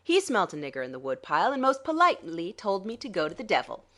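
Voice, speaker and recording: A woman's voice: mid-range voice, sing-song, quick pace, a bit bright. A woman doing a smug, dry-voiced scheming crook. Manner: dry, sarcastic, smoothly condescending. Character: smug scheming male crook, cool and sarcastic.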